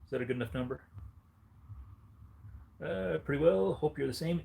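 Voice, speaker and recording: A man's voice: on the high side, moderate pace, gravelly, long pauses, mellow, husky. A man hosting a casual livestream, chatting in a rambling way and breaking off to talk to his dog. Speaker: livestream host.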